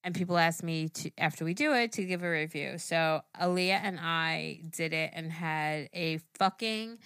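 A woman's voice: low-pitched, normal speed, fairly bright tone, smooth, no room sound. A young woman co-hosting a podcast, chatting in a laid-back way about things she has tried. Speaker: podcast co-host. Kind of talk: casual chat.

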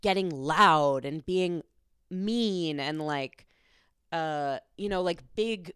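Low-voiced woman podcast co-host, candid. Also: slow pace, fairly bright tone, smooth, no room sound, studio quality. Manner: candid and confessional, loose filler-heavy phrasing. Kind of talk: casual chat.

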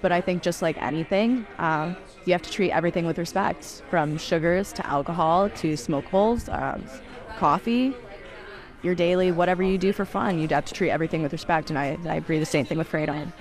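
Chatty woman bar owner, low voice. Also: a little fast. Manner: casual, chatty, frequent ums. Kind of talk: interview soundbites.

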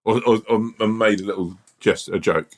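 A man's voice: on the low side, fairly even intonation, moderate pace. A man co-hosting a podcast, telling stories in a casual chat. He laughs often and acts out bits of dialogue. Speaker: podcast co-host.

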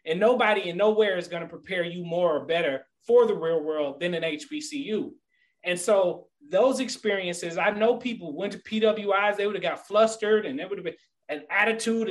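Animated, earnest man telling stories. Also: high voice, poor audio. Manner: animated storyteller; earnest, motivational. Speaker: guest. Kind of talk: casual podcast chat.

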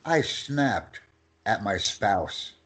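A male English teacher working through lists of phrases, his pitch swinging widely as he stresses each one. He speaks slowly and deliberately, giving every phrase room before his student repeats it. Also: animated, a bit bright. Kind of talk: language lesson, reading phrases for repetition.

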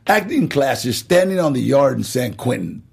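A middle-aged man, an actor being interviewed, telling stories in a gravelly, husky voice, acting out quotes and laughing as he goes. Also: mid-range voice, moderate pace. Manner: animated storyteller, acts out quotes and laughs. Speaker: actor guest. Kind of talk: storytelling interview.

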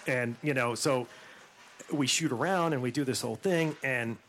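A middle-aged man telling a long anecdote in a podcast interview, middle-pitched and lively, acting out what other people said with plenty of fillers and restarts. A faint hiss of noise sits under his voice. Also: moderate pace. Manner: animated, acts out quotes, many fillers and restarts. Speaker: actor and former basketball player.

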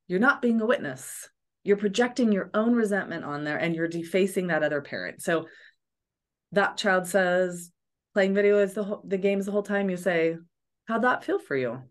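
Woman therapist, earnest coaching tone, podcast guest, mid-pitched voice. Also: moderate pace. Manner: earnest, coaching, acts out examples. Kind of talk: podcast interview advice.

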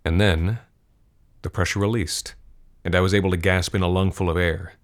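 Man reading a creepy story, real deep low voice, slow and grim. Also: steady tone. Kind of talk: scripted horror narration.

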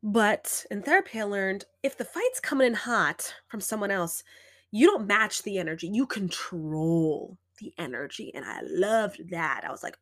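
A woman's voice: mid-range voice, expressive, measured pace, pauses often. A young adult woman hosting a podcast, talking through advice casually and often checking in with "right?" and "like". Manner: conversational, lots of "right?" and "like". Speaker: podcast host.

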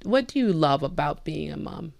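A woman's voice: sits low, animated, moderate pace, gravelly, a little mellow, dry recording. A woman hosting an interview, encouraging and reflective, at times emotional, speaking in a conversational way. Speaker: podcast host.

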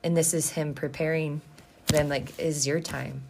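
A woman's voice: low-pitched, steady tone, a little slow, gravelly, noisy background. A woman co-hosting a casual Bible study chat, earnest and moved by the scripture she reads. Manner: earnest, gets emotional reading scripture. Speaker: co-host.

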